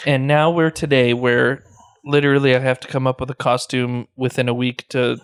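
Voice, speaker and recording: A man's voice: medium pitch, flat delivery, clean tone, no room sound. A man with an ordinary mid-range voice co-hosts a podcast, teasing the others and laughing easily as they chat. The recording is dry and close. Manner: playful, teasing, quick to laugh. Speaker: podcast co-host. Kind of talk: casual chat.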